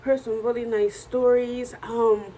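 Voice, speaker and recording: A woman in her thirties with a hoarse, worn-out voice, chatting in a casual video diary at home at night, tired and animated as she tells stories. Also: a little high, unhurried, slight background noise, poor audio. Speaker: vlogger and journal author.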